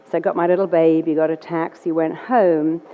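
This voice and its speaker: English woman telling a lively story. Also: sits low, fairly quick. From England. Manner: lively, acts out quoted dialogue in changed voices. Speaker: therapist and public speaker. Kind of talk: storytelling talk. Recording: dull recording in a reverberant hall.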